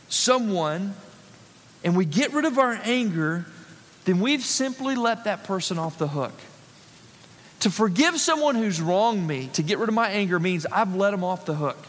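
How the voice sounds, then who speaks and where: A man's voice: high-pitched, fairly bright tone, big-room sound. A male pastor preaching a sermon, emphatic and repeating key phrases for stress. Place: church sanctuary.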